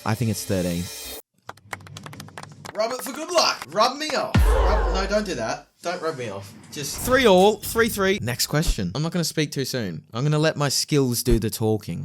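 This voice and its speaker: Playful man with a lively voice. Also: mid-range voice, slight background noise. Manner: playful, mock-boastful, jokes while thinking aloud. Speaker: comedy video host. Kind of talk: comedic quiz vlog.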